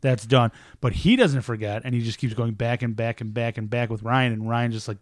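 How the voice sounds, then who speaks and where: A man's voice: medium pitch, fairly quick, hardly any pauses, dry recording. A young man telling a rowdy story in a casual chat, swearing freely and acting out what everyone said. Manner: profane, animated, acts out quotes.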